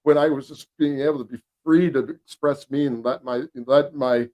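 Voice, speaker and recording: A man's voice: medium pitch, fairly even intonation, normal speed, a little mellow. A man guest in a casual talk, speaking in a rambling way with many restarts. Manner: rambling, frequent restarts and fillers. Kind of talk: casual chat.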